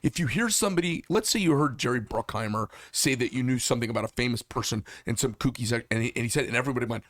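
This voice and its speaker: A man's voice: mid-range voice, rapid-fire, few pauses, fairly bright tone, dry recording, studio quality. A man hosting a casual interview, rambling with many hesitations and blunt, profane remarks. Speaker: podcast host.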